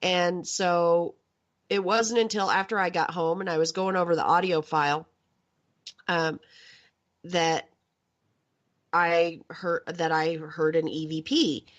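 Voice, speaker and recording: Low-voiced woman telling a ghost story. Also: slow, pauses often. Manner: chatty storytelling, relaxed. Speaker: paranormal investigator, guest. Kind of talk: casual radio interview. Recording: lo-fi internet radio audio.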